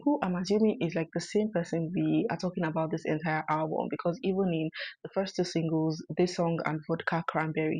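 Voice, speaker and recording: A woman's voice: low-pitched, darkish tone, no room sound, low-quality recording. A woman hosting a casual song reaction, chatting through lyrics with lots of fillers. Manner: chatty, filler-heavy analysis. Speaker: music reaction host.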